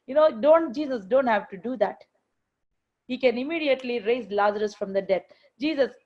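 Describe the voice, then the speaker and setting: A woman delivering a sermon in a fairly high voice, repeating her phrases fervently as she builds toward emphatic peaks. The recording is muffled and lo-fi. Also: a little mellow. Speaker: preacher.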